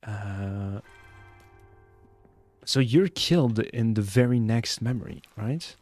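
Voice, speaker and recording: A man's voice: on the low side, animated, slow pace, a little mellow, faint music behind. A young man streaming a mystery game live, chatting and joking with his viewers as he plays. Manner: chatty, joking, answers chat.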